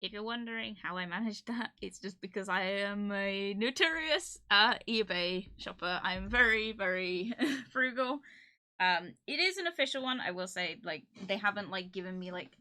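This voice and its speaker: A woman chatting on a live stream in a bright, mid-pitched voice. She is excitable and giggly, and she rambles with plenty of fillers and restarts as she talks to her viewers. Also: moderate pace. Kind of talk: casual live-stream chat.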